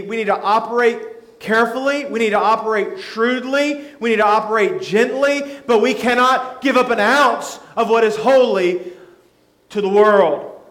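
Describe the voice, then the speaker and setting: A man preaching a sermon as pastor, earnest, slowing down to stress scripture. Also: high voice, fairly bright tone, echoey room.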